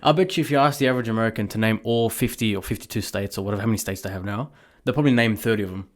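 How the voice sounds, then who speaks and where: A man's voice: on the low side, very fast. A young Australian man co-hosting a comedy podcast, mocking and sarcastic as he rants. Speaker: podcast co-host. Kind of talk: casual comedy podcast banter.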